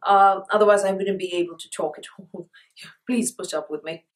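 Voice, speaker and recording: Woman, sore throat, lozenge in her mouth, casual beauty review, enthusiastic, medium pitch. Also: steady tone, normal speed, poor audio. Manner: chatty, enthusiastic, repeats words for emphasis. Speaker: beauty vlogger.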